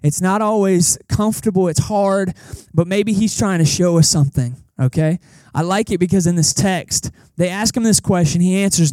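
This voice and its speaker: A man's voice: sits high, moderate pace, a little mellow, no echo. A young man preaching a casual sermon as pastor, joking and talking straight to the congregation. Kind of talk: conversational sermon. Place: church service held in a cinema.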